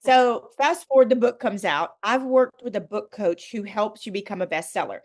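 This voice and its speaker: A woman's voice: mid-range voice, moderate pace, a little mellow. A middle-aged woman, a guest author on a podcast, telling a candid personal faith story with earnest emphasis.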